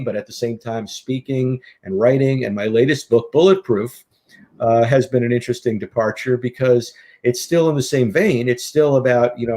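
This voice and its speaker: A middle-aged man, a guest author and hypnotist, telling his story in a lively, animated way in a casual interview. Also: mid-range voice. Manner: lively, animated storyteller who acts out quotes.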